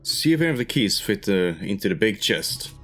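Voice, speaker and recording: A man playing a tabletop role-playing game, describing his character's actions deliberately. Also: fairly low pitch, sing-song, fairly bright tone, soft background music. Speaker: player.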